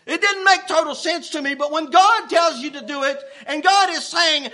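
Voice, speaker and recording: High, bright-voiced folksy preacher man. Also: normal speed, hardly any pauses. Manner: folksy, animated, getting worked up. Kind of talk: sermon storytelling.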